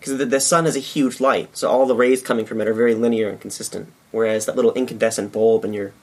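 A man with a Midwestern accent, a podcast guest explaining lighting in a relaxed, swear-prone chat. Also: mid-range voice, quick pace. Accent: Midwestern American. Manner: relaxed, swears freely, laughs often.

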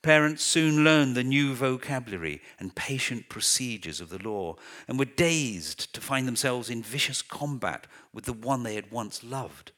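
A man narrating a literary novel as an audiobook in a measured, deliberate reading. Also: mid-range voice, animated, fairly bright tone.

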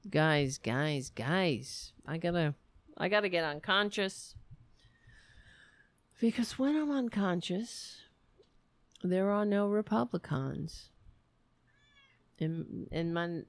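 Slow gravelly woman hosting a livestream. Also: on the low side, dry recording. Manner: sarcastic, profane, tired. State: exhausted. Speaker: livestream show host. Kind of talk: casual late-night livestream chat. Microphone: desk mic at a computer.

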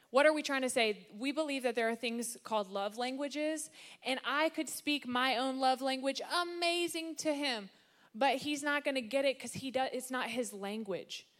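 A woman giving a playful sermon-style talk about marriage, lively and joking with the crowd. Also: high-pitched, moderate pace. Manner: lively, playful, sprinkles in funny put-on voices. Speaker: married speaker at church.

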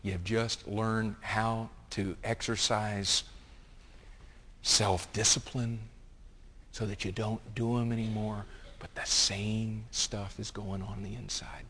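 A man preaching a sermon as pastor, swinging from hushed asides to loud, impassioned reading. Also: on the low side, level tone, takes it slowly, a little hiss or hum. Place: church sanctuary. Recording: long reverb of a large hall.

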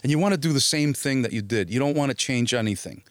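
A man, a guest on a podcast, tells his stories with energy and acts out the other people's lines. His voice sits at a middle pitch, recorded close and dry on a podcast mic. He swears casually as he talks. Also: quick pace, no room sound. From born in Italy, raised in New Jersey. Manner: animated storyteller, acts out quoted voices, swears freely. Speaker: guest actor. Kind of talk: storytelling in a podcast interview.

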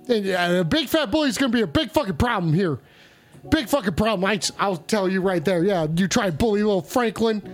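A man's voice: sits high, animated, brisk, soft background music. A man hosting a comedy call-in show, with crude, mock-sincere, rambling banter.

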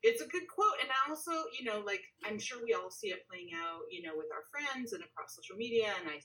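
A woman hosting a casual podcast interview over a remote call, chatty and animated with lots of fillers. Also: medium pitch, fairly quick, recorded from a distance, low-quality recording. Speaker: podcast host.

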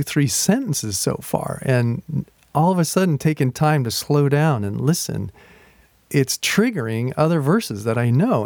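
A man preaching as a pastor, telling a personal story in a slow, reflective way and reading scripture aloud slowly. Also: mid-range voice, vocal fry, darkish tone, dry recording. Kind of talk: sermon.

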